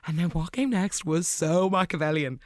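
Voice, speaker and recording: A host giving a casual, gushing recap of the week's soap episodes, with quick asides and excited reactions. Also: medium pitch, no room sound, clean studio sound.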